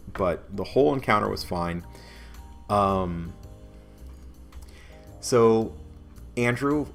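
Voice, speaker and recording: A man's voice: sits low, fairly bright tone. A man acting as game master, casually recapping a tabletop game session at home, rambling with many restarts. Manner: rambling, many restarts, chuckles now and then.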